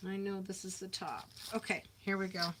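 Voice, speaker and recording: A woman's voice: mid-range voice, steady tone, moderate pace, background noise. A middle-aged woman hosting a crafting livestream, chatting casually and talking to herself as she works. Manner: chatty, talks to herself while working. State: overheated, having a hot flash.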